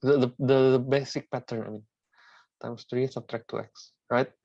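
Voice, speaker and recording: A man's voice: medium pitch, steady tone, moderate pace, gravelly, mellow, no echo, dull audio. A man teaching a math lesson, working through the examples step by step, often repeating words and asking "right?" after each step.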